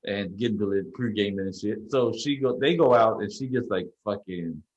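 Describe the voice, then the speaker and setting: A man's voice: fairly low pitch, normal speed, lo-fi sound. A young adult man, a podcast co-host, telling a story in casual chat, rambling and swearing freely. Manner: profane, rambling, animated retelling.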